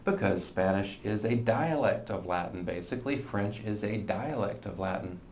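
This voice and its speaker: A man's voice: fairly low pitch, lively intonation, moderate pace, darkish tone, slight background noise. A middle-aged man teaching an informal lesson, talking in a conversational way that thinks aloud with fillers and restarts. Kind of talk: informal lecture.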